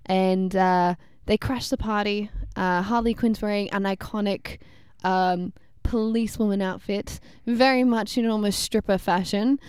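A woman's voice: mid-range voice, steady tone, unhurried, a little mellow, clear, resonant tone, dry recording, studio quality. A woman co-hosting a casual pop-culture chat, enthusiastic and talkative, with lots of fillers. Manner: enthusiastic, chatty, many fillers. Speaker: podcast co-host.

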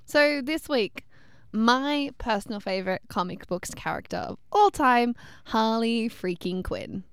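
A woman's voice: fairly high pitch, lively intonation, measured pace, fairly bright tone, clean tone, no echo, studio quality. A woman co-hosting a casual pop-culture chat, enthusiastic and talkative, with lots of fillers. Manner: enthusiastic, chatty, many fillers. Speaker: podcast co-host.

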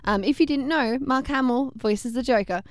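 A woman's voice: high voice, normal speed. A woman co-hosting a casual pop-culture chat, enthusiastic and talkative, with lots of fillers. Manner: enthusiastic, chatty, many fillers. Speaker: podcast co-host.

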